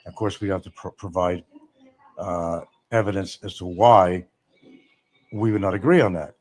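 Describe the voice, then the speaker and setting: A man's voice: low voice, moderate pace. A man hosting a casual livestream, rambling sarcastically and reading chat comments aloud. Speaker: livestream host.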